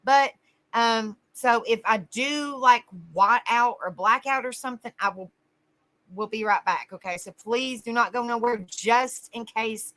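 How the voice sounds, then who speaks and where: A woman's voice: on the high side, measured pace, sharp tone. A woman hosting a casual livestream, greeting viewers by name and calling them honey. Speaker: livestream host.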